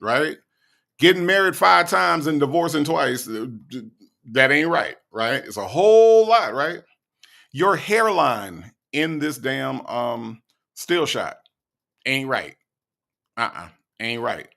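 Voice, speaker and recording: Man, gravelly voice, sarcastic reaction commentary, slow mocking delivery. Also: mid-range voice, very animated, fairly bright tone. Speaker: commentary host.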